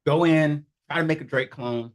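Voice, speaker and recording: A man talking casually as a tech founder guest, excitable, laughing easily, with many fillers and a frequent y'all. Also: a little high, normal speed. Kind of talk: casual chat.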